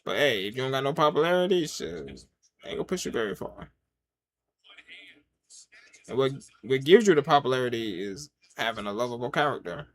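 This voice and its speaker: A man giving casual live reaction commentary while watching a wrestling show, swinging from loud excited yelps to low mutters in easygoing slang. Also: brisk. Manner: casual slang, talks to himself and the chat. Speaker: wrestling watch-along reviewer.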